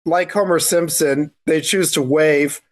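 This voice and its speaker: Curious guy on a movie podcast, bit high voice, lots of "i mean". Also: fairly even intonation, measured pace. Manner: curious, asks questions, with "I mean" restarts. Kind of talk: casual podcast chat.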